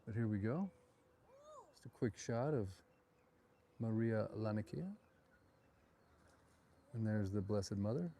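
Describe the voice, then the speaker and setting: Recorded on a phone outdoors along a town street at night, a middle-aged tour host rambles and digresses with chatty asides. He speaks slowly in a mellow, lowish voice with long pauses, and there is a little hiss or hum.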